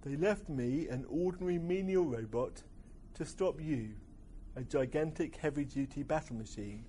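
A man's voice: a little high, moderate pace, slight background noise, natural voice. A man reading aloud and voicing a brilliant but depressive robot who speaks dismally. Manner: dismal, flat. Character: gloomy, depressive male robot.

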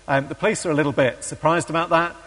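A man's voice: a little high, fairly even intonation, quick pace, a bit bright. A man giving a sermon, hesitant with many ums, who reads a story aloud and acts out the quoted voices. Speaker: preacher. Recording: long hall reverb.

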